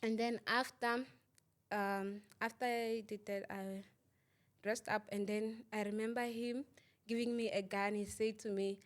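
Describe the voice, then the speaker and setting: A young woman talks through a painful story as an interview guest. She is halting and repeats herself, with plenty of fillers. She often stops to ask whether the listener understands. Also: medium pitch, level tone. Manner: asks "you understand?" often. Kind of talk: emotional personal testimony.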